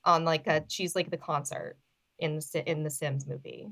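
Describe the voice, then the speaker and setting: Podcast co-host, woman, bright edge, slightly low pitch, eager chat. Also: fairly even intonation, moderate pace. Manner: eager, agreeable, chatty with many "like" fillers. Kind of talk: casual chat.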